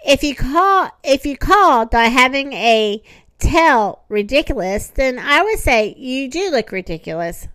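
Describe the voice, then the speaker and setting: A woman's voice: high voice, big pitch swings, a little slow, fairly bright tone, no echo, exaggerated voice. A woman reading aloud and voicing a cheeky, bragging male monkey with a teasing, boastful manner. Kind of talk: storybook read-aloud.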